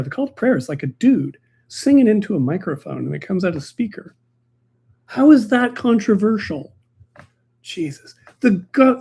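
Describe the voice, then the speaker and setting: A man's voice: on the high side, gravelly, warm tone, husky. A man who hosts a local politics podcast, chatting casually and jokingly on a livestream with many fillers and restarts. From Canada.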